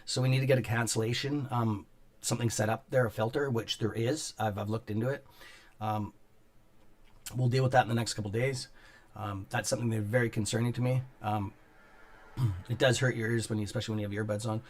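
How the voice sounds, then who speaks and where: A man hosting a casual stock market livestream from his home studio, rambling and swearing as he chats with viewers and keeps clearing his throat. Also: on the low side, steady tone, brisk. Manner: rambling, profane, greets chat viewers by name. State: clearing throat and coughing often. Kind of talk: casual live-stream chat with viewers. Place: home studio on a top floor.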